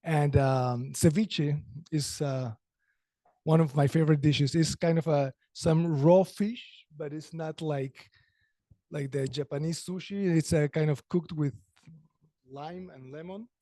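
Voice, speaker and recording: A man's voice: fairly high pitch, steady tone, slow pace, dark tone, no room sound. A man from Peru, giving a hesitant impromptu answer and searching for his words. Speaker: club meeting speaker.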